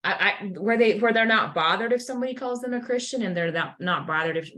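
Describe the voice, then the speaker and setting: Speaking quickly in a fairly high voice, this faith podcast co-host tells a lively story in a relaxed way. She leans heavily on "like" and other fillers and slips in small acted-out voices.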